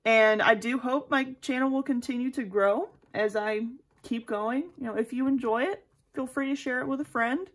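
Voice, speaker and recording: A woman's voice: a little high, moderate pace. Young female vlogger, casual, self-deprecating, talks to camera. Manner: chatty, rambling, self-deprecating. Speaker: planner vlogger. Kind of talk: casual vlog chat.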